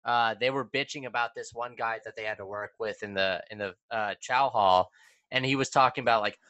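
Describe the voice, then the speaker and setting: A man's voice: medium pitch, fairly quick, pushed and bright, no room sound. A young adult man hosting a podcast, talking in a heated, profane way. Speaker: podcast host. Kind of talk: casual podcast chat.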